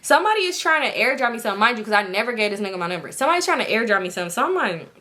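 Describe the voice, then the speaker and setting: Bright-voiced young woman telling a story. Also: fairly high pitch, very fast. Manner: animated, swearing, slangy, acts out quoted voices. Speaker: storytime vlogger. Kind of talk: casual storytelling to viewers.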